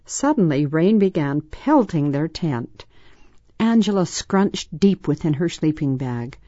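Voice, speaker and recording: A woman reading a children's story aloud in a measured, soft storytelling manner. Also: sits low, big pitch swings, dry recording, lo-fi sound. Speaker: narrator.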